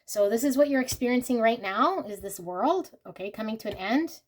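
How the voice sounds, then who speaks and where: A woman's voice: on the high side, lively intonation, brisk, a little hiss or hum. A woman reading tarot cards for her viewers, earnest and emotional, speaking straight to them. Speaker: tarot reader. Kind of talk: intuitive pick-a-card tarot reading.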